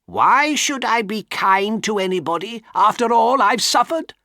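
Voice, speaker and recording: A man's voice: high voice, big pitch swings, measured pace, pushed and bright, no room sound, pitched above the performer's own voice, exaggerated voice. A man voicing a bitter, wronged old woman who cries out angrily, in a dry, close storybook reading. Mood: angry. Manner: cries out shrilly.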